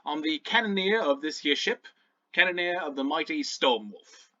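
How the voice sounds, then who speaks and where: A man's voice: high-pitched, expressive, moderate pace, pushed and bright, lo-fi sound, voice pushed up. A man playing cocky pirate cannoneer Two Fingers. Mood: teasing. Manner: jovial, says lad and mate. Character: cheerful male pirate cannoneer, cocky and teasing.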